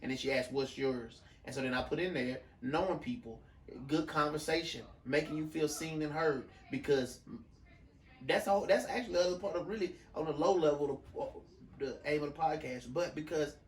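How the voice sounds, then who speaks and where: Rambling podcast man in an echoey room. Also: on the high side. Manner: rambling, restarts often, loose slang. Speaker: podcast co-host. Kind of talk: casual chat. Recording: echoey room, mic at a distance, faint room noise.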